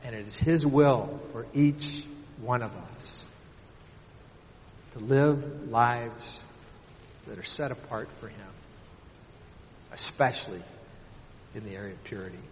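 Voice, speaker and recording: A man preaching a sermon earnestly, lifting his voice for emphasis and dropping soft at the ends of his points. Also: medium pitch, slow, pauses often, slight background noise. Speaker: pastor. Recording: long reverb of a large hall.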